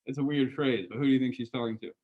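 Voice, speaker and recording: A man's voice: mid-range voice, fairly even intonation, racing, narrow, tinny audio. A man giving a university lecture in a casual, conversational way, often asking the class questions and restarting sentences with ums. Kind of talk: lecture to students.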